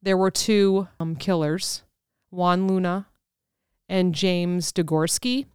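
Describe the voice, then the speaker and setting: A woman from Illinois chats on a podcast, rambling through stories with fillers. Her voice is very clear and crisp. It is recorded close and dry, with no room sound. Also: lowish voice, takes it slowly, no echo. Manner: chatty, rambling storyteller with many fillers. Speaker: podcast co-host. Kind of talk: casual chat.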